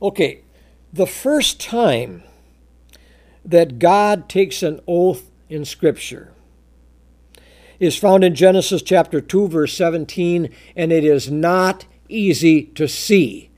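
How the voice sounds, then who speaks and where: A man preaching a verse-by-verse Bible sermon, drawing out scripture quotes slowly and emphatically, often repeating words and restarting sentences. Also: a little high, a little mellow. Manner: emphatic, slow, drawn-out quoting of scripture.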